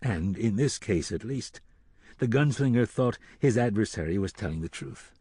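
A man reads fantasy narration slowly and dramatically. His low voice is husky and lively in pitch. It sounds dry and close to the mic. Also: no room sound. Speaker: audiobook narrator. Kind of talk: scripted narration.

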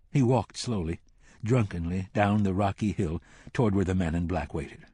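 A man narrating a novel as an audiobook in a measured, solemn storytelling manner. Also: deep voice, mellow, husky, no echo, studio quality. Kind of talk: scripted narration.

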